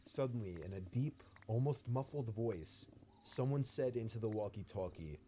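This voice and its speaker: A man narrates a scripted first-person horror story in a steady, even way. His voice sits low and sounds dark and mellow. A faint hiss runs underneath. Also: normal speed.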